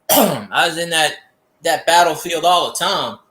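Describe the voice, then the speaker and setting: A man telling stories in casual livestream chat, animated, ranting and cursing freely. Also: fairly high pitch, slow, roomy sound. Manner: animated storytelling with rants and cursing.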